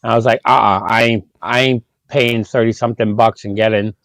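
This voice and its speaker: A man co-hosting a casual livestream chat, telling a relaxed, grumbling story. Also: fairly low pitch, fairly quick, dry recording. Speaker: co-host.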